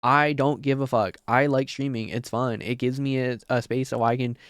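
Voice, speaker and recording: A man chatting live on stream at a desk mic, excitable and rambling, swearing often. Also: mid-range voice, normal speed, smooth, dry recording, clean studio sound. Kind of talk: casual live-stream chat. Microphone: desk mic on a mic arm.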